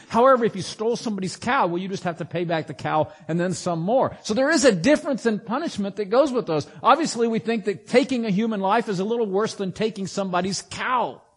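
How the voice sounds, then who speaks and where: A man with a high voice preaching a sermon in a chatty, conversational way. He keeps asking rhetorical questions and gives the scripture he reads a dramatic lift. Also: expressive, a little fast, hardly any pauses, husky. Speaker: pastor.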